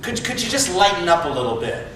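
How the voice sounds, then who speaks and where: A blunt, dry-witted mother who shoots back deadpan answers, as a man puts her on while telling a story. Her lines are short and flat. The voice sits high and echoes heavily through a large hall, picked up from far off with a faint rumble behind it. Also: fast.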